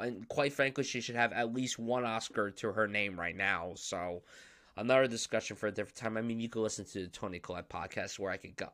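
A man's voice: lowish voice, fairly even intonation, fairly quick, fairly bright tone. A young man hosting a podcast, talking through films in an enthusiastic, emphatic, casual way. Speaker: podcast host. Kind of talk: casual film discussion.

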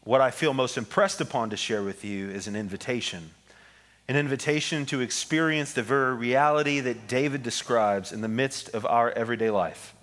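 A pastor with a mid-range, slightly bright voice delivers a conversational sermon to a congregation in a church sanctuary, reading scripture slowly with pauses.

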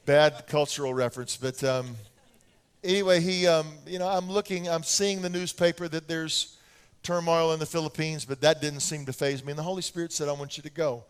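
This older American preacher speaks at normal speed in a fairly high voice with a clean tone. Animated stories fill his sermon, complete with little acted-out scenes where he voices his children.

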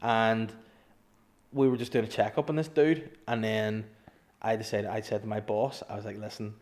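A man's voice: lowish voice, level tone, moderate pace, a little mellow. A man in casual chat, telling anecdotes, swearing and acting out what people said. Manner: swearing, laughs through his stories, acts out dialogue. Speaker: storyteller guest.

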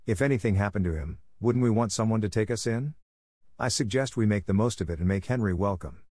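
A man's voice: lowish voice, brisk, warm tone, dry recording, clean studio sound, natural voice. A man voicing a proud, bossy female Bengal cat who speaks in a haughty, commanding way.

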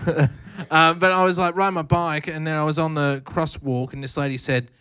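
A man's voice: on the high side, fairly quick, slight background noise. A man with an Australian accent telling a rambling comic story on stage at a live podcast show. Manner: animated, shouts quoted lines. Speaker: podcast co-host.

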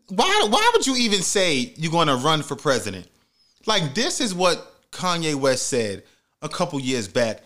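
A man's voice: a little high, bright, forceful tone. A man hosting a comedic commentary vlog, ranting with heavy profanity and mock outrage. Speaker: commentary host.

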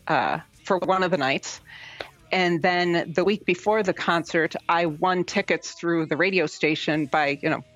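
Midwestern woman telling stories on a podcast, lower voice, kinda muffled lo-fi sound, background music faint. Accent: Midwestern American. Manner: animated, acts out quoted voices with big pitch jumps. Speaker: guest. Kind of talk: storytelling interview.

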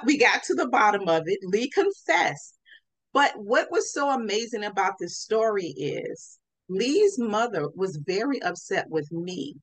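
A woman's voice: medium pitch, no room sound, rough recording. A woman podcast host telling a story in a casual way, acting out what people said. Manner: animated, acts out quoted speech.

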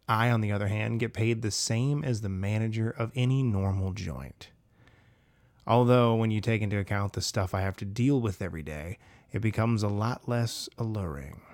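A man narrating a first-person horror story in a measured, dramatic way. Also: fairly low pitch, no echo. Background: faint background music.

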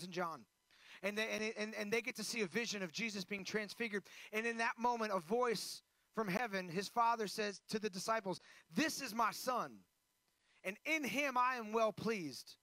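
Male pastor, sermon, high voice, dry close sound, loud then hushed delivery. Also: dry recording. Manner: preaching with swings from loud emphasis to hushed intensity.

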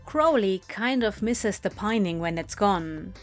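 A woman narrating a fan fiction story in an unhurried, expressive storytelling manner. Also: mid-range voice, soft background music. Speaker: reader.

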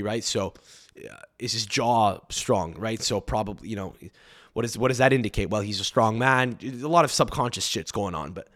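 Man, podcast host, solo rant, swears a lot, rambling, mid-pitched voice. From Montreal, Canada. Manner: profane, rambling, opinionated.

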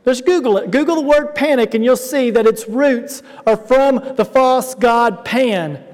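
Male pastor, very high voice, emphatic explanatory preaching, long reverberant hall sound. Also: measured pace, darkish tone. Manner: explanatory, emphatic, addresses congregation directly. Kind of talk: sermon.

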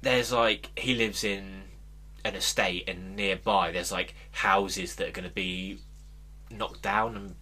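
Male podcast co-host, bright voice, rambling storyteller in casual chat. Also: deep voice, steady tone, slow. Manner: rambling storyteller, acts out quotes.

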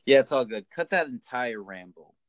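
A young man co-hosting a podcast in casual chat, with joking, deadpan asides. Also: medium pitch, moderate pace, no echo. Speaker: podcast co-host.

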